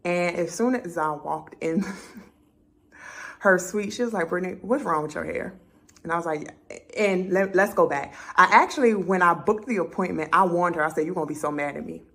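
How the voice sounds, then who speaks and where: A woman's voice: lowish voice, moderate pace. Chatty woman telling a story. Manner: chatty, animated, acts out her own conversations. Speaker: vlogger. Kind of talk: casual storytelling to camera.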